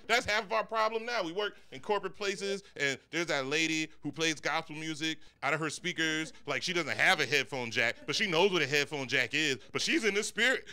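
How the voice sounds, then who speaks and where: A man's voice: sits high, pushed and bright, clean tone. A young adult man doing a stand-up comedy set, telling stories with lots of profanity and talking straight to the audience. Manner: profane, conversational storytelling; addresses the audience directly.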